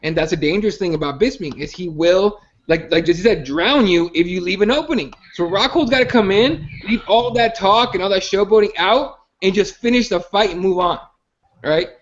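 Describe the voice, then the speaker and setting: A man's voice: high-pitched, normal speed, muffled recording. A man hosting a casual podcast about fighting. He rambles and swears, stumbling over restarts. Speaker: podcast host. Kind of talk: casual MMA chat.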